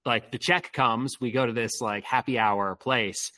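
A man's voice: mid-range voice, fairly even intonation, a little slow, pushed and bright. A man telling a casual story, rambling with lots of fillers and swearing freely. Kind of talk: casual chat.

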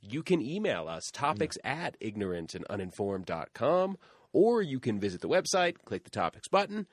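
A man's voice: medium pitch, sing-song, normal speed, dry recording. A man co-hosting a podcast in a studio, laid-back and jokey, reading out the show's plugs. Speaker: podcast co-host. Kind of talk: casual studio chat. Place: recording studio. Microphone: studio microphone.

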